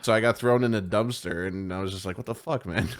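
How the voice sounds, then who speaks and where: A man with a fairly low voice chats casually on a live podcast. He tells stories in a loose, animated way, swears freely and acts out what others said. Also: fairly quick. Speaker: podcast co-host. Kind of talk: casual chat.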